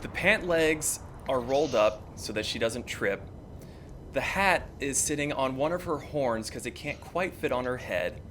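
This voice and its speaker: A man narrating a tabletop game as game master, describing scenes in an unhurried way with many fillers. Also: mid-range voice, animated, fairly bright tone, a little hiss or hum.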